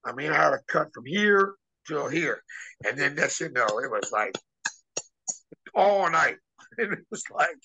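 A man's voice: on the high side, animated, unhurried, vocal fry, pauses often, noisy background. A middle-aged man, a former wrestler, telling a story casually and animatedly, acting out quotes with lots of restarts and fillers.

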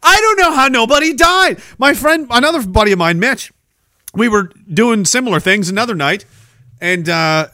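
A Canadian man in his forties, a podcast host telling wild stories in a profane, animated way, laughing often. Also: high voice, no room sound, studio quality. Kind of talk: casual storytelling.

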